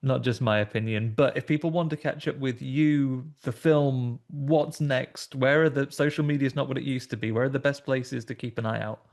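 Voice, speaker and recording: A British man hosting a podcast, asking polite, measured interview questions. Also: mid-range voice, fairly even intonation, gravelly, darkish tone. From Britain. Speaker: podcast host.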